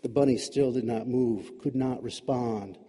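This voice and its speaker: A man's voice: medium pitch, steady tone, a little slow, mellow, husky, long reverb tail. A man narrating a story in a wry, dramatic, sardonic manner.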